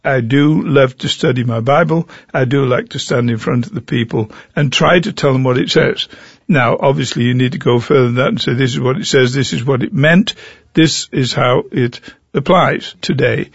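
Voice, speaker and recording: An older man with an English accent tells stories from his years as a pastor. His voice is gravelly with a husky, breathy edge. The recording is dry and a little dull. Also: medium pitch, moderate pace, no echo. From England. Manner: animated anecdotal storyteller. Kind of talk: interview storytelling.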